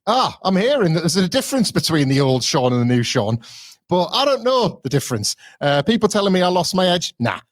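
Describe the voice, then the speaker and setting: A man's voice: sits high, very animated, a little fast, dry recording, studio quality, voice pushed up. A man putting on a brash, defiant male wrestling star who insists, riled up, during a promo.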